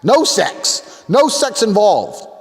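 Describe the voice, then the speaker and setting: A man's voice: high-pitched, sing-song, slow, big-room sound. A man talking in a boastful, crude and provocative way in a recorded talk clip.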